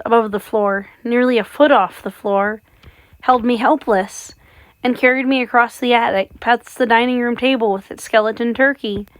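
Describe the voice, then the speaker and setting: A woman's voice: a little high, dry recording. A woman reading a horror story aloud with dramatic, suspenseful narration. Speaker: audiobook reader.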